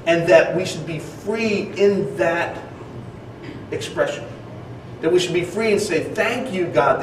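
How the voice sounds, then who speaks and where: A man's voice: on the high side, noisy background. Casual man preaching in an echoey hall. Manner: casual, conversational preaching with frequent fillers. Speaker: pastor. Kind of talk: sermon. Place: church hall. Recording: echoey hall, distant mic.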